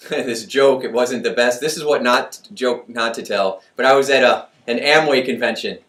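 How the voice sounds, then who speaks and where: A man giving a motivational talk in a chatty, animated way, laughing at his own jokes. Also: mid-range voice, normal speed. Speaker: motivational speaker. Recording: echoey room, voice from far off.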